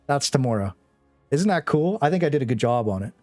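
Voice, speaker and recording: A man's voice: medium pitch, very animated, quick pace, darkish tone, dry recording. A young male streamer chats casually with his viewers, rambling and joking between bits of gameplay. His voice is dry and close to the mic, and faint music plays in the background. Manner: rambling, joking, often laughing. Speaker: gaming streamer. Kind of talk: casual live-stream chat.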